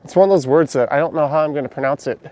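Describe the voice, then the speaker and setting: A man's voice: a little high, rapid-fire, a little mellow. Chatty man streaming outdoors. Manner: chatty, answers viewer questions as he walks. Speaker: live-stream walking vlogger. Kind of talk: casual live-stream narration reading chat. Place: outdoors on city streets and alleys at night.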